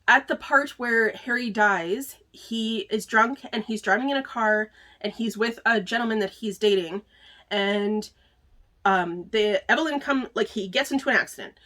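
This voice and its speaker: A woman's voice: on the high side, pushed and bright. A woman hosting a book club video, chatting casually through a book review with plenty of filler words and easy laughter.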